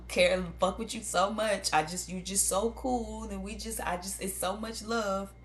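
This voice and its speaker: A woman's voice: medium pitch, steady tone, a little slow, a little hiss or hum, pitched above the performer's own voice, close to an everyday voice. A woman voicing a fake, two-faced female friend who gushes with insincere sweetness. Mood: fake gushing. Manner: sugary, overly sweet, insincere.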